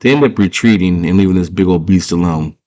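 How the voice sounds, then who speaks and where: A man's voice: low voice, fast, a little mellow. A man casually retelling a movie plot, rambling and slangy with lots of fillers. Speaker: movie fan.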